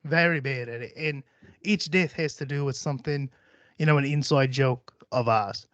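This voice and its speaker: A man's voice: mid-range voice, normal speed, fairly bright tone, no echo, highs cut off, close to an everyday voice. A man in a comedy podcast telling a rambling, profane story while putting on a playful mock Australian accent. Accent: put-on Australian.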